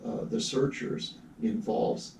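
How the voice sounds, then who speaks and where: A man co-hosting a casual movie talk show, telling film history in a halting way with many fillers. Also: darkish tone. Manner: storytelling, hesitant with many fillers. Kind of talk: casual chat about movies. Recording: echoey room, far from the mic, faint background noise.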